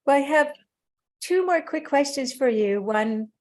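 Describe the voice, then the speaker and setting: A woman with a fairly high voice moderates a webinar discussion. She puts questions sent in by the audience to the guest in a plain, steady way. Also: unhurried.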